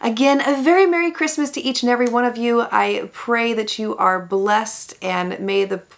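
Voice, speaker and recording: A woman's voice: a little high, moderate pace, vocal fry. A woman talking to camera in a makeup tutorial, enthusiastic and exclaiming over the products she applies. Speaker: beauty vlogger.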